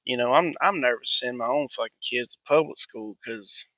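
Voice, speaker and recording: Profane rambling man, bright. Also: medium pitch, a little fast, no echo, highs cut off. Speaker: podcast host. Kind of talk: ranting monologue.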